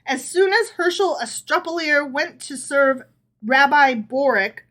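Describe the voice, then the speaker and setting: A woman's voice: sits high, animated, measured pace, fairly bright tone. A woman co-hosting a podcast, reading stories aloud and chatting, checking in often. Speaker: podcast co-host. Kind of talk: reading aloud and casual chat.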